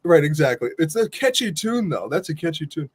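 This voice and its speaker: A man's voice: on the high side, sing-song, fairly quick, breathy edge. A young man in his twenties, a podcast guest in casual chat, laid-back and a little hesitant. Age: 20s.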